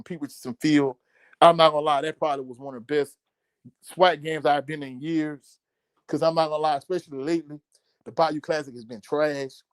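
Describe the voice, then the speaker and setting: A man's voice: on the high side, no room sound, studio quality. Laid-back man hosting a sports stream. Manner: laid-back, laughs often, many fillers. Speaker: sports show host. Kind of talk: casual live-stream chat reading viewer comments.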